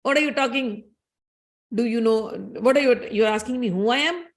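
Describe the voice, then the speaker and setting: A woman's voice: fairly high pitch, moderate pace, lightly acted. A woman voicing an arrogant, furious male warrior sage, boasting and scolding as she retells a scripture story. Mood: angry boasting.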